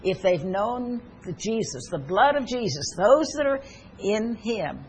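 A woman's voice: medium pitch, very animated, a little slow, darkish tone, slight background noise. An older woman preaching a sermon in an earnest, personal way, mixing scripture with stories from her own family.

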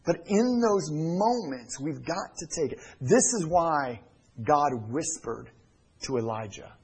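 Male pastor, husky, fairly high voice, preaching in a church, loud then hushed. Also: animated, slow pace, low-quality recording. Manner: swings from loud emphatic preaching to hushed near-whispers. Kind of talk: sermon. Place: church sanctuary.

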